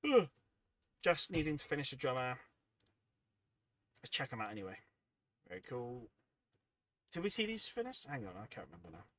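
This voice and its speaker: A man's voice: mid-range voice, big pitch swings, normal speed, long pauses, fairly bright tone, no echo. A man hosting a hobby livestream, chatting casually and reading out viewer comments, rambling and self-deprecating, sounding tired and yawning. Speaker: livestream host.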